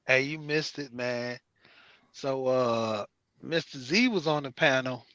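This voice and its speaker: A man on an online talk panel telling a funny story in a casual, animated way, laughing often and acting out other people's voices. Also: mid-range voice, slow, no echo, highs cut off.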